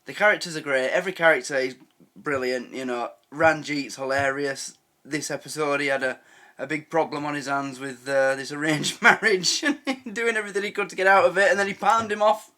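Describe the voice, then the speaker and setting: A man's voice: a little high, moderate pace, bright, forceful tone. A man giving casual, chatty reaction commentary on a sitcom, laughing often and restarting his sentences. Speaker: reaction video host.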